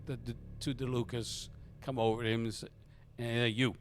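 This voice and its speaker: A man's voice: mid-range voice, little pitch movement, a little fast, darkish tone, a little hiss or hum. A man narrating as game master of a tabletop game, rambling with frequent restarts.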